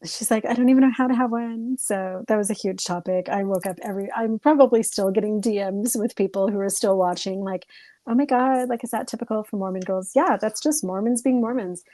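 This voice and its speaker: A young woman speaks as a guest on a casual podcast. She is blunt and quick to joke. Her voice sits at a medium pitch and sounds close and dry, with no room echo. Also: warm tone. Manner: candid, quick, joking. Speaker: guest, therapist-style content creator.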